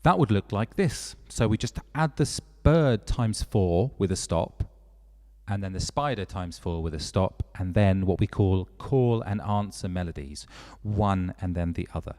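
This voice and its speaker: A man's voice: low voice, measured pace, a little mellow, big-room sound. A man leading a children's music workshop, explaining step by step in an encouraging way.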